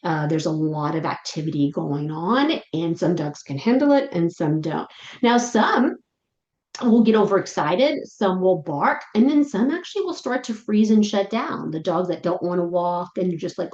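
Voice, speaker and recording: A woman with a slightly low voice explains dog behavior to pet sitters in a casual, chatty way. She acts out excited dogs and puzzled sitters in quick voices. The recording is dull and lo-fi, in a roomy, echoing space. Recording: echoey room, dull lo-fi sound.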